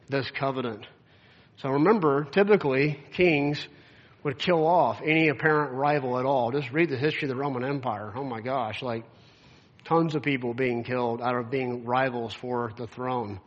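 A man's voice: medium pitch, dull audio. A man preaching a sermon, reading scripture aloud and explaining it in a casual, conversational way with lots of filler words. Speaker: pastor.

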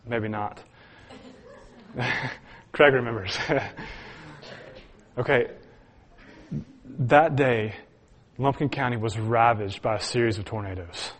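A man preaching, telling a personal story to his congregation with earnest, chuckling delivery and frequent restarts. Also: medium pitch. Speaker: pastor. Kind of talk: sermon storytelling.

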